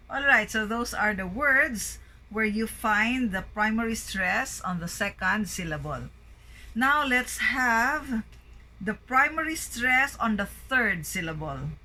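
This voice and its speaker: A woman's voice: mid-range voice, expressive, a little slow, sharp tone, rough recording. A woman teaching pronunciation, carefully drilling word lists and checking in with her students after each point. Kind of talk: slow pronunciation drill lesson.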